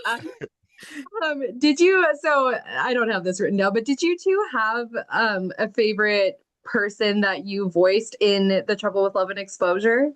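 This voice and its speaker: A woman's voice: medium pitch, expressive, moderate pace. A woman hosting an interview, asking questions casually with many ums. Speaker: interview host.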